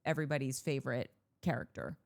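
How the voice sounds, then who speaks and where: A woman's voice: extremely low pitch, fairly even intonation, fast talker, vocal fry, darkish tone. A woman co-hosting a podcast, chatting casually and opinionated, with lots of "like" fillers. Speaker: podcast co-host. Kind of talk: casual chat.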